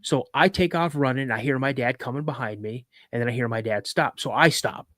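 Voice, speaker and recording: A man hosts a live podcast, vividly retelling a personal story with frequent restarts. His mid-range voice is brisk and a bit bright, recorded dry with studio quality.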